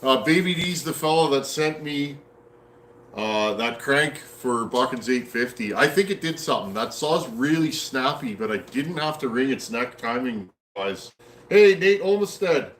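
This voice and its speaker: Canadian guy in his shop chatting away to his stream viewers, mid-pitched voice, echoey room. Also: animated, a little slow, a bit bright, a little hiss or hum. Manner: folksy, rambling, answers chat comments aloud. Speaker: chainsaw builder hosting a live stream. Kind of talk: casual live-stream chat. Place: home workshop.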